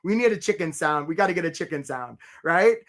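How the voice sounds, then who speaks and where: A man's voice: fairly high pitch, lively intonation, brisk, fairly bright tone. A middle-aged man coaching job seekers in a live webinar, chatty and upbeat, greeting viewers by name. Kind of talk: energetic live webinar presentation.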